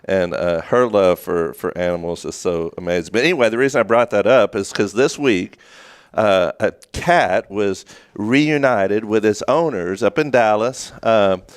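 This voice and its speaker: A man's voice: on the low side, moderate pace, clean tone, no room sound, clean studio sound. A man co-hosting a local morning show, telling a long story in a rambling, casual way with many restarts. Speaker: co-host. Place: small studio.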